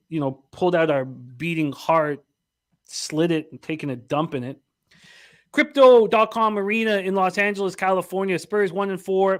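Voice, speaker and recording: High-voiced man cursing through betting picks. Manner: swears a lot, frustrated, rambling. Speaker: sports betting podcast host. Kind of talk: casual sports betting talk.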